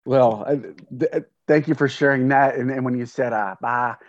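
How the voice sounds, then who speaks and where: A man, a grandfather, hosting a casual interview, speaking earnestly and haltingly with many fillers and restarts. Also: mid-range voice, no echo. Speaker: podcast host. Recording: dull, dry lo-fi sound.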